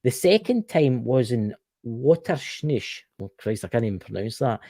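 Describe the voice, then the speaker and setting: A man's voice: mid-range voice, big pitch swings, normal speed, warm tone, no room sound. A Scottish man co-hosting a casual live stream, reading history aloud with stumbles and jokey mock outrage. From Scotland.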